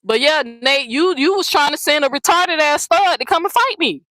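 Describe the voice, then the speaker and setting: A woman with a slightly high voice rants on her own channel, blunt and mocking, swearing freely as she calls people out. The sound is dry and close, with no room echo. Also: animated, moderate pace, sharp tone. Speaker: channel host. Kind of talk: confrontational vlog rant.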